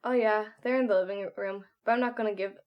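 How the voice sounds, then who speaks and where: A woman's voice: medium pitch, steady tone, quick pace, highs cut off, close to an everyday voice. Woman reading as Hawks, a teasing young hero. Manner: playful teasing. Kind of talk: fan story reading.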